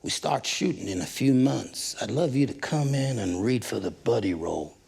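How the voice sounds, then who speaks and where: An actor playing a boisterous, friendly male comedy star who talks loud and effusive. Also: mid-range voice, lively intonation, moderate pace, gravelly, slightly rough.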